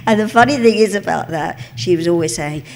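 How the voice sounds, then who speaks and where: An older woman with an East End London accent, a guest in a live stage interview, telling chatty, animated stories and often laughing. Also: on the low side, a little fast, gravelly. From England. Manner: chatty, animated storyteller, laughs often, calls people darling. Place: cinema auditorium with a live audience. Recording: long hall reverb.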